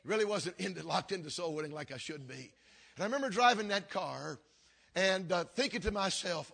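An older man, a pastor, telling a story in a sermon with earnest, repeating phrases that sink low and quiet. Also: expressive, a little fast, gravelly. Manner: earnest, repetitive preaching cadence that drops low and quiet.

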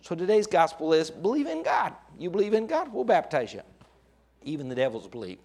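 Impassioned male preacher, fairly high voice. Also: huge pitch swings, fairly quick, a little mellow. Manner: preaching with dramatic rises, acting out quoted voices. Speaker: pastor. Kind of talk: sermon.

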